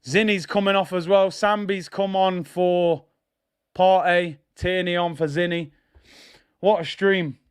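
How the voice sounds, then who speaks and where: A man hosting a live football watch-along, excitable and taunting, shouting at the big moments. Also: high voice, measured pace, clean tone. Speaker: host.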